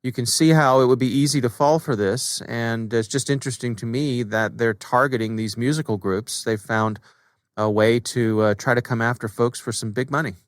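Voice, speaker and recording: Middle-aged male podcast host, casual and relaxed, mid-pitched voice, dry close sound. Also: moderate pace, no room sound. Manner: relaxed, thinking aloud with fillers. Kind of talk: casual chat.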